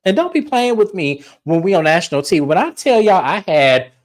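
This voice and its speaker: A woman's voice: fairly low pitch, sing-song, fairly quick, darkish tone. A woman co-hosting a casual reality TV recap, blunt and profane as she retells scenes with mimicry. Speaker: podcast co-host. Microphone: streaming setup mic.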